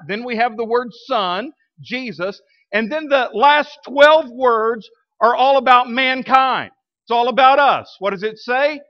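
High-voiced Southern pastor preaching. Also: male voice, muffled recording. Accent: Southern American. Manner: animated, preaching with shifting loudness. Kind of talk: sermon. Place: church sanctuary.

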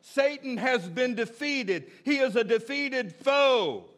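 A preacher delivers an emphatic sermon in a high voice for a man. He stresses and repeats his key phrases. His pace swings from drawn-out lines to quick bursts. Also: lively intonation, a bit bright. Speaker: pastor.

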